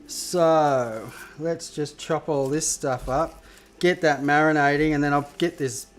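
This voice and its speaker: A man's voice: fairly high pitch, steady tone, unhurried. An Australian man hosting a live cooking stream, chatting with viewers in a rambling, casual way and swearing freely as he cooks in a home kitchen. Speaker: cooking show host.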